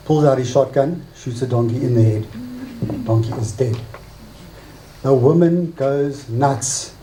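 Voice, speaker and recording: Man giving a wedding speech, mellow. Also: mid-range voice, expressive, slow pace, pauses often, echoey room, a little hiss or hum, low-quality recording. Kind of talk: wedding speech with a joke and a recited poem. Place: wedding reception hall.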